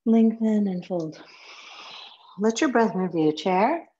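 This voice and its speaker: A woman teaching a yoga class, giving short calm cues while she practices along, sometimes dropping to a whisper. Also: medium pitch, slow pace, dull audio. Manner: calm, sparse one-word cues, some soft whispered counts.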